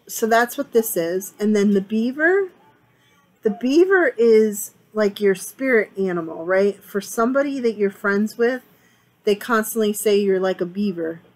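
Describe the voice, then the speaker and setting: A chatty woman at home talks her way through a tarot reading, rambling and circling back on her words. Her pitch sits in a middle range for a woman, and she speaks in a loose, conversational way. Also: low-quality recording. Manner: chatty, rambling, repeats herself. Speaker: tarot reader. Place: home, sitting on a couch area with a fan on.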